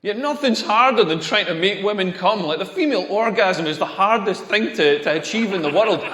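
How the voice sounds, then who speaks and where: Man, stand-up comic, high voice, deadpan and crude, echoey room with long reverb. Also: brisk. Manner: deadpan, crude, self-mocking. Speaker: stand-up comedian. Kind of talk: stand-up routine. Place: comedy club stage.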